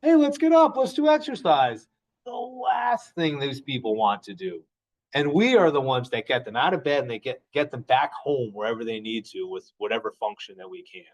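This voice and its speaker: A man's voice: mid-range voice, poor audio. A man who is a physical therapist, lecturing a class in a conversational way, asking questions and acting out stories. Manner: conversational, asks the class questions, acts out anecdotes.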